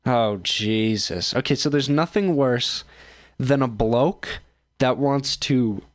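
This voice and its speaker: A man rants through reaction commentary in a profane, rambling way, stumbling over fillers and restarts. His voice is mid-pitched, recorded close on a dry mic. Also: slow, dry recording. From United States. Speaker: streamer and show host.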